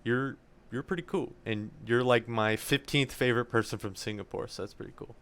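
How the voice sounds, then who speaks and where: Speaking briskly in a smooth, slightly bright mid-range voice, this young podcast co-host chats casually. He gives rambling, joking thanks and shout-outs to his listeners.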